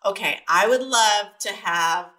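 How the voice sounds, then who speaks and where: A woman from San Diego, a guest on a podcast, lively and playful, thinking aloud as she answers. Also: medium pitch, a little slow. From San Diego, USA. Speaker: guest, television executive. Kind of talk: casual interview chat.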